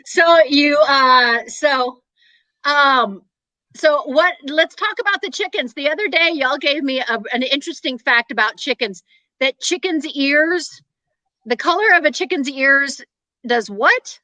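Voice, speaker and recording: Woman, Southern accent, chat show host, high, bright tone, dry close sound. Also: unhurried, dry recording, poor audio. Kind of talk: casual chat.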